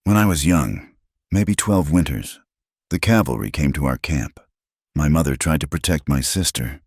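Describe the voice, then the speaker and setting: A reserved Apache scout, voiced by a man, speaks in short, level, clipped phrases. The voice sits extremely deep. It is recorded dry and close, with no room around it. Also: animated, moderate pace, darkish tone, breathy edge, no echo, exaggerated voice. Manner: terse, level, clipped sentences. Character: stoic male Apache scout, middle-aged, reserved.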